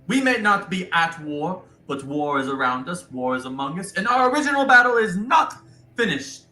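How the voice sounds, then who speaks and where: A man's voice: high voice, big pitch swings, normal speed, sharp tone, roomy sound, soft background music, pitched above the performer's own voice, full character voice. A man voicing a cheery lanky male dwarf with a hammy put-on Italian accent. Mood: playful. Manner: boisterous, exaggerated comic accent, laughing.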